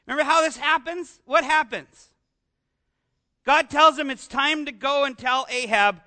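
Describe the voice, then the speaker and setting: A man preaching a conversational sermon into an amplified microphone, animated and often asking his congregation rhetorical questions. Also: extremely high pitch, a little slow, long pauses. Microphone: amplified microphone with some feedback.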